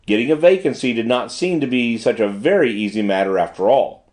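A man's voice: medium pitch, lively intonation, fairly quick, darkish tone. A man narrating an audiobook in the first person, in formal period prose. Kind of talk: scripted narration.

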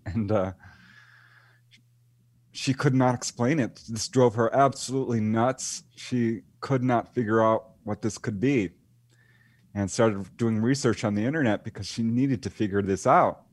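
A man's voice: medium pitch, unhurried, no echo. Dry-sounding man telling a story. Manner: animated retelling, acts out quoted voices. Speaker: guest author and UFO researcher. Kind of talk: casual storytelling interview.

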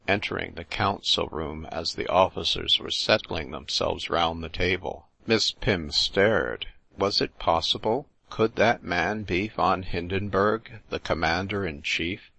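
A man narrating an audiobook in a measured, deliberate reading. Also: low-pitched, creaky, a bit bright, no echo.

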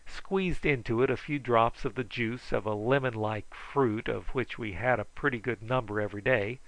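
Give me a man reading an adventure story aloud, steady and measured, in a dry, close recording. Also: mid-range voice, no room sound, poor audio. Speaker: audiobook narrator.

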